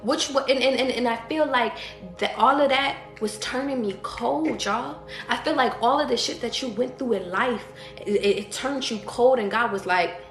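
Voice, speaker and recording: A woman's voice: high-pitched, moderate pace, a bit bright. A woman tarot reader on a live stream, ranting bluntly and profanely to her audience, repeating herself for emphasis. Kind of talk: live-stream motivational rant. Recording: roomy echo with faint music behind.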